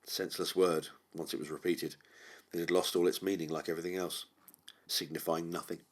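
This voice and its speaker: A man narrating a horror audiobook in a measured, brooding way. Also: low-pitched, flat delivery. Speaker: audiobook reader.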